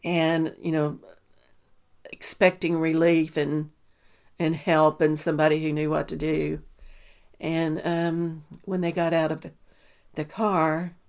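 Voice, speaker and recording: Flat-voiced mother, halting. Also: sits low. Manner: halting, full of ums and restarts. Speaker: mother recounting a family loss. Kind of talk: personal testimony.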